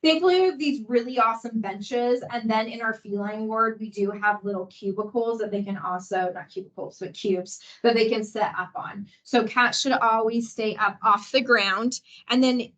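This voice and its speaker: A young woman with a slightly high voice leads a workplace training session. She talks casually and chattily, with an encouraging tone and plenty of fillers. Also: normal speed, hardly any pauses, a bit bright, low-quality recording. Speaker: veterinary staff trainer.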